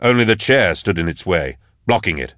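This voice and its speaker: Low, lively male storyteller. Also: no echo, studio quality. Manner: measured, dramatic storytelling. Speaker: audiobook narrator. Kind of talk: scripted narration.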